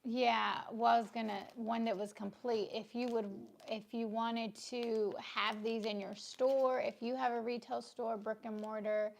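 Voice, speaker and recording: A woman, casually co-hosting a business livestream, brisk and teasing, with a sore throat. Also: a little high, little pitch movement, vocal fry.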